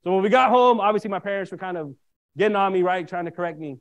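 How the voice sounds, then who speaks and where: A minister with a fairly high voice tells a personal story from the pulpit at a quick clip. He stays animated and keeps checking in with his listeners as he goes. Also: highs cut off. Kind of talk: storytelling sermon.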